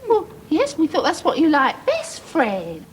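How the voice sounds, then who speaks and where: A woman's voice: sits high, huge pitch swings, unhurried, a little hiss or hum, exaggerated voice. A woman playing a fussing mother who dotes on the family dog and talks to him in a sing-song way.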